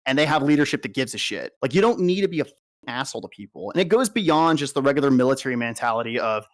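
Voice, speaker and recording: Blunt, profane young soldier telling stories. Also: male voice, mid-range voice, lively intonation, rapid-fire. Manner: blunt, heavily profane storytelling. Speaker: soldier interviewee. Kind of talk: candid personal account.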